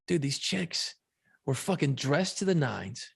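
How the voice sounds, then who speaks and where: A middle-aged man, co-host of a podcast, telling a story in a profane, animated, casual way. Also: fairly high pitch, normal speed, gravelly, slightly rough.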